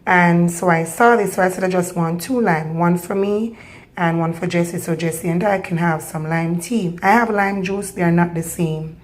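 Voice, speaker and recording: A woman's voice: fairly low pitch, moderate pace. A Jamaican woman hosting her channel, teaching patois in a casual way, laughing often and slipping between patois and English. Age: adult parent. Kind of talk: casual patois lesson and devotional talk.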